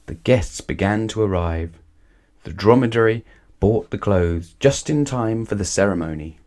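A man reads a children's bedtime story aloud in a calm, measured way. His voice sits a little low, and his delivery is gentle and unhurried.

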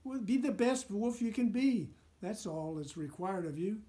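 Man doing a big friendly eagle, storybook, chatty, high and lively. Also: normal speed, lightly acted. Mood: encouraging. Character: giant male eagle, chatty, kindly counselor.

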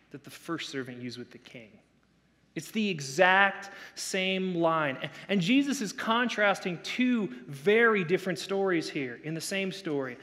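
High-voiced pastor preaching in a hall. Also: male voice, fairly bright tone. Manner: conversational preaching with playful asides and acted quotes. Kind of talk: sermon.

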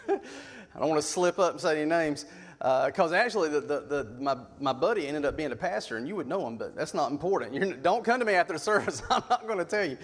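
A middle-aged man, a youth pastor telling folksy, animated stories in a sermon. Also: a little high, a little fast, slightly rough. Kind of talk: sermon storytelling. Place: church sanctuary. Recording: long church reverb.

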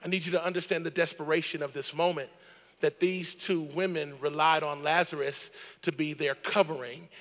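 A man pastor preaching a dramatic sermon in a church, building to shouts. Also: on the high side, steady tone, moderate pace, big-room sound.

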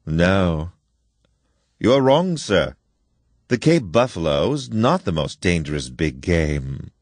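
A cultivated older general, polite and unhurried, with a quiet menace under his hospitality. A man puts him on while reading the story aloud, his voice low and expressive, with a rising, falling lilt. The recording is close and dry, with no room sound. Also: no room sound. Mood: suave. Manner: courteous, measured, slow menace. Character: suave aristocratic older male hunter general.

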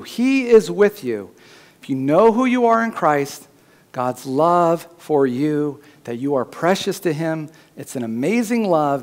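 A man preaching a sermon as pastor in a church, his voice climbing higher and louder when he voices God's words. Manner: preaching, rising loud and high when voicing God's words.

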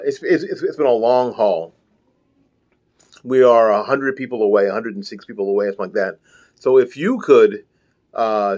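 A man leads an online music lesson in a chatty, encouraging manner, wandering into asides between counts. His voice sits at an ordinary middle pitch. The audio is slightly dull and lo-fi. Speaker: music teacher.

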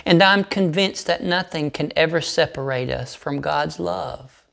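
Slow, gravelly man reading scripture. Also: on the high side, a bit bright. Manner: slow, deliberate, emphatic. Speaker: pastor leading a devotional.

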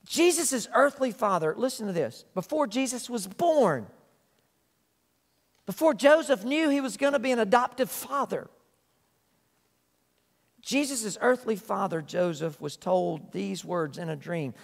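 A man's voice: high voice, animated, a little slow, gravelly, long pauses, long reverb tail. A man preaching a sermon as a pastor, earnest and emphatic, repeating phrases for weight. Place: church sanctuary.

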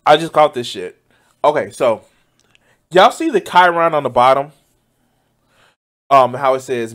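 A man's voice: mid-range voice, sing-song, unhurried, long pauses, a bit bright. A man giving loose, profane reaction commentary as a streamer, often exclaiming and laughing. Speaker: streamer reacting to news clips.

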